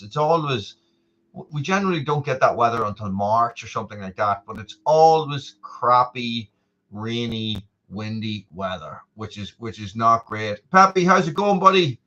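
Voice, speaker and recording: A man chatting loosely through a live stream, wandering from topic to topic and calling out to viewers by name. His voice sits at an ordinary middle pitch, and the stream audio sounds dull and lo-fi. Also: animated, normal speed, sharp tone. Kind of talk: casual live stream chat.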